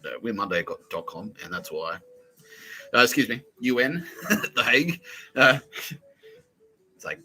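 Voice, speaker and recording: A man's voice: mid-range voice, big pitch swings, measured pace, pauses often, pushed and bright, poor audio. A man with an Australian accent hosting a rambling, profane comedy podcast, laughing at his own jokes and slipping into mock voices for bits. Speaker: podcast host.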